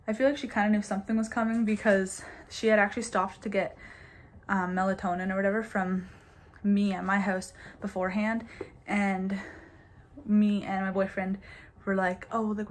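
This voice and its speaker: Young woman vlogger, twenties, casual storytime delivery, filler-heavy, mid-pitched voice. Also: a little hiss or hum. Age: 20s. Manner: chatty, says "like" constantly, laughs between bits.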